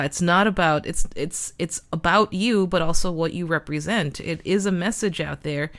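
A woman in casual political chat, thinking aloud with restarts, wry and swearing casually. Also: lowish voice.

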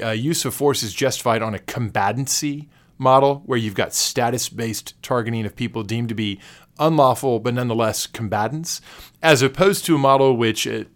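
A man co-hosting a casual podcast, picking his way through legal analysis. He hedges and restarts often, stacking fillers as he searches for the right term. His voice sits at an ordinary middle pitch. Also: fairly bright tone. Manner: hesitant, many fillers and self-corrections; analytical, measured legal commentary. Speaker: podcast co-host.

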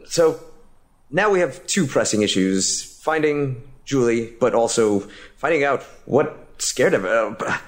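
A man playing the lead hero in a remotely recorded tabletop role-play, talking in an earnest, rambling way with many false starts. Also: medium pitch. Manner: earnest, rambling, repeats words when starting. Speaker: player voicing the Doctor.

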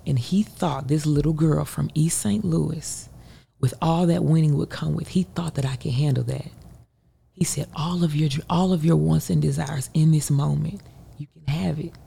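A woman in her thirties from the United States, an Olympic hurdler telling a race story as an interview guest, acting out quotes with sudden leaps in pitch. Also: normal speed, vocal fry, slightly rough. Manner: animated, acts out her own voice and others in quotes. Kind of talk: emotional storytelling.

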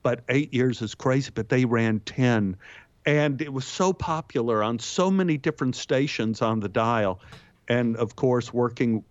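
A man's voice: unhurried, no echo, lo-fi sound. A man, an actor, telling anecdotes as a guest and lifting his voice for punchlines. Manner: lively raconteur, jumps pitch for punchlines and quotes. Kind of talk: anecdotal storytelling.

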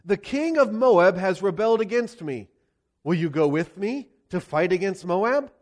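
A man's voice: high voice, lively intonation, a little slow. A male pastor preaching a sermon with a Pennsylvania accent, telling the story expressively and asking the congregation rhetorical questions.

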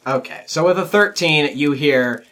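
A man running a tabletop role-playing game, narrating scenes in a relaxed, unhurried way with fillers. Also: fairly high pitch. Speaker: game master.

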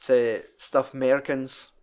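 A young man talks through a favorite film in relaxed podcast chat. He swears freely and laughs while retelling scenes. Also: mid-range voice, unhurried. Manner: sweary, laughing, quotes film lines in put-on voices.

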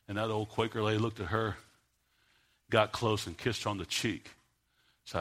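Bright-voiced man preaching a sermon. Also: on the low side, fairly even intonation, fairly quick. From United States. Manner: builds from quiet storytelling to loud, fervent preaching. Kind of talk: sermon with storytelling.

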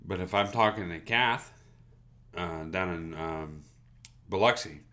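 A man's voice: low voice, measured pace, pushed and bright. A man from the Southern United States co-hosting a podcast, talking in a casual, rambling way and swearing freely. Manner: laid-back, swears a lot, trails off and restarts. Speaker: podcast co-host. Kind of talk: casual chat.

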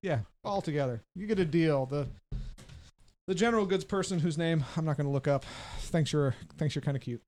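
A man narrating as game master in a tabletop game, relaxed and jokey, laughing often. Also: fairly high pitch, a little fast, slight background noise.

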